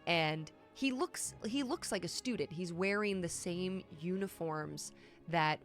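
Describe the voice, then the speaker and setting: A young woman narrates a tabletop game as its game master, in a relaxed, casual way full of ums and likes. Her voice sits a little low for a woman. Soft music plays behind her. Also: unhurried. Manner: casual, lots of filler words. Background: soft background music.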